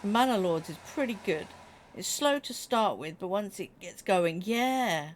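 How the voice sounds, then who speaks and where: A woman's voice: medium pitch, unhurried, slight background noise. Chatty woman live-streaming. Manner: chatty and animated, laughing, talking straight to chat. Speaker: Twitch streamer. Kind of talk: casual live-stream chat with viewers.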